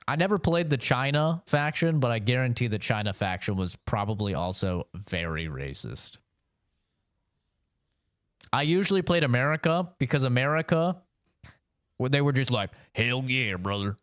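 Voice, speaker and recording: Male game streamer, loose profane banter, smooth voice, dry close sound. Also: medium pitch, lively intonation, moderate pace, no echo. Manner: rambling, profane, answers chat with frequent "you know". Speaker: gaming streamer. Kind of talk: casual live-stream chat.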